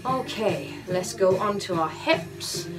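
Upbeat woman leading a vocal warm-up. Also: mid-range voice, expressive, slow pace. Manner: encouraging, upbeat instructions with counting. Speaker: choir leader. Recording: distant mic with music behind.

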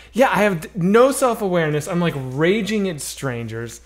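Fast-ranting man, fairly high voice. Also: animated. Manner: ranting, profane, heavy use of "like". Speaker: podcast co-host. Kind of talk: casual storytelling chat.

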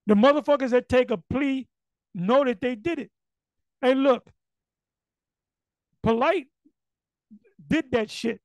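A middle-aged man telling blunt, profane stories in a casual monologue, his voice going hoarse. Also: extremely high pitch, animated, measured pace, pauses often, a little mellow, no echo, poor audio. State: losing his voice.

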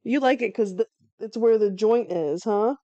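A woman's voice: a little high, moderate pace, mellow, dry recording, lo-fi sound. Laid-back woman calling a game live. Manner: laid-back, swears casually, chats to her dog between plays. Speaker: streamer giving live game commentary. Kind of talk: casual live play-by-play commentary.

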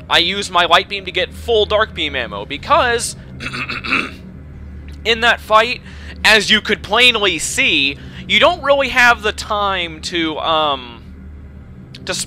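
A young man commentating his own video game run, swinging between frustrated shouting and swearing and calm explanations of tactics. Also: high voice, a little hiss or hum. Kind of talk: let's play commentary.

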